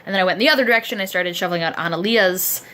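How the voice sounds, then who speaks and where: A woman with a lowish, sharp voice talks rapid-fire into a camera held close to her face for a casual video diary. Sore and aching, she sits propped up in a chair indoors at a friend's home. As a vlogger, she comes across chatty, rambling and self-deprecating.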